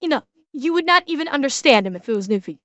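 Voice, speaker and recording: Canadian woman streamer, high voice, dry close sound, chatty, laughs a lot, swears casually. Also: expressive, fast talker, no room sound, lo-fi sound. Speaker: streamer reacting to a video. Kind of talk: casual live-stream chat.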